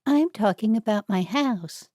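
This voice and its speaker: A woman's voice: mid-range voice, lively intonation, a little slow, a little mellow, no room sound, studio quality, voice pushed up. A woman voicing an elderly Amish woman sleuth who is nervous but bold, with urgent, rising questions. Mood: pressing. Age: older.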